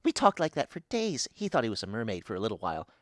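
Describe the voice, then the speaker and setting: Man playing a scatterbrained female pixie goddess: gleeful, rambling, bright tone, wildly swinging pitch, dry sound. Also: wildly swooping pitch, fast, no echo. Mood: giddy. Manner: rambling, giggly, swings between booming and squealing. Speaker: guest voice actor. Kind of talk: comedic improvised character interview.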